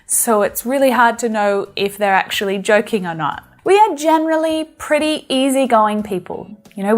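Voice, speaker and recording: An Australian woman with an Australian accent, giving a friendly English lesson on YouTube and laughing now and then. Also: fairly high pitch. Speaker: English teacher.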